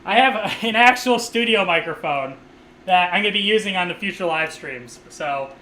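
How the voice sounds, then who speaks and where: A man's voice: high-pitched, animated, normal speed, sharp tone, roomy sound, slight background noise, poor audio. A man live streaming a game and chatting casually, rambling and swearing, laughing often, on a USB condenser microphone. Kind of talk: casual live stream chat while playing.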